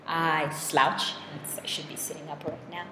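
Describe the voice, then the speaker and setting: A woman's voice: low-pitched, flat delivery, moderate pace. A young woman in a casual vlog monologue, chatty and self-deprecating, full of fillers and restarts. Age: young adult. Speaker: vlogger. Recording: echoey room with long reverb and clear noise.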